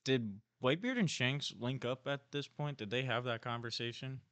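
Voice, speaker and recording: A man's voice: medium pitch, moderate pace, fairly bright tone, no room sound. A young man appearing as a guest on a casual podcast, talking in a laid-back way and dropping in jokes.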